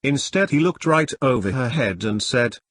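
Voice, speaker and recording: A man reading a children's textbook story and word lists aloud, slow and deliberate. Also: medium pitch, expressive, a bit bright, dry recording. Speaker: textbook reader. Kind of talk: reading a school lesson aloud.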